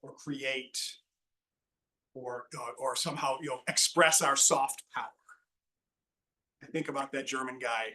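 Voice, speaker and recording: Rambling male panel moderator, bright tone. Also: mid-range voice, fairly even intonation, a little slow, long pauses, far from the mic, rough recording. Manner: rambling, with frequent restarts. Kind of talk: casual panel discussion.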